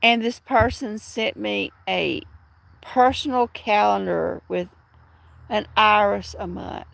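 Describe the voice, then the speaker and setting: A woman's voice: medium pitch, steady tone, slow pace, creaky, fairly bright tone, no echo. A middle-aged woman chatting casually with viewers on a livestream from home, rambling through stories with many restarts. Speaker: livestream host.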